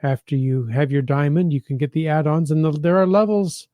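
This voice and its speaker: A man co-hosting a casual podcast, relaxed and easygoing, often trailing off. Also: a little high, a little fast, few pauses, dry recording, studio quality. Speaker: podcast co-host.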